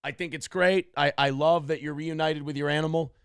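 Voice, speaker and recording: A man's voice: a little high, fairly even intonation, fairly quick, gravelly, clear, resonant tone, no echo, studio quality. A man hosting a morning show, riffing on a news clip in a crude, profane, mocking rant. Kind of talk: comedic commentary on a news clip.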